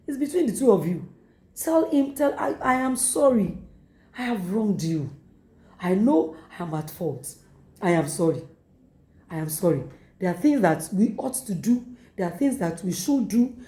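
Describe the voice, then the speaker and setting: A woman pastor with a Nigerian English accent preaches with repeated urgings, slipping into quoted lines. Her voice is warm and mellow, and it rings in an echoey room. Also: medium pitch. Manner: repetitive exhortation with acted quotes. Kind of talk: sermon.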